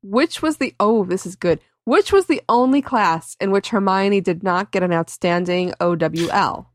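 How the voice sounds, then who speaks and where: A woman's voice: mid-range voice, normal speed, no room sound, studio quality. A woman co-hosting a podcast and running a trivia game, giggly and teasing in casual chat.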